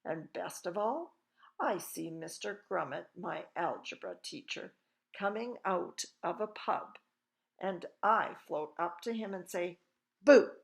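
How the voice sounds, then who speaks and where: A woman reads a children's story aloud in a low, creaky voice. She takes her time over each sentence. She puts on lively voices for the quoted lines. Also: slow pace. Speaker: reader. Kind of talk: reading a children's book aloud.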